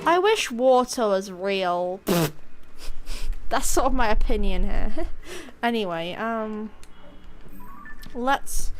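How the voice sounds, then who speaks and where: High-voiced giggly woman streamer. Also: animated, very slow, long pauses, faint music behind. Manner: giggly, rambling, self-mocking. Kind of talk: casual gameplay commentary.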